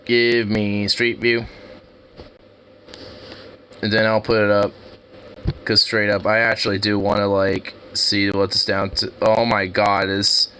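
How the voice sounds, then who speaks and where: A man giving casual, excitable commentary while browsing street view, slangy and laughing often. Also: on the low side, slow, pauses often, a little hiss or hum. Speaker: streamer.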